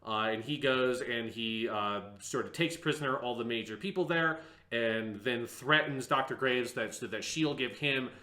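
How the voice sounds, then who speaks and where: A man's voice: medium pitch, normal speed, sharp tone, reverberant. A man co-hosting a casual review discussion, rambling with many fillers and hesitant restarts, sometimes slipping into mocking impressions. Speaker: podcast co-host.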